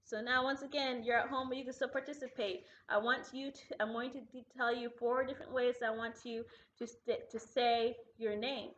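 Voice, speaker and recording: A woman teacher giving a recorded grammar lesson to students at home, patient and deliberate, slowing down to model example sentences. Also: on the high side, little pitch movement, a bit bright, a little hiss or hum. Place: classroom. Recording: echoey room, dull lo-fi sound.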